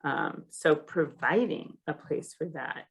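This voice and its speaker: Gravelly low-voiced woman co-hosting a podcast. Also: slow. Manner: thoughtful, hesitant, many fillers. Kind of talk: casual podcast discussion.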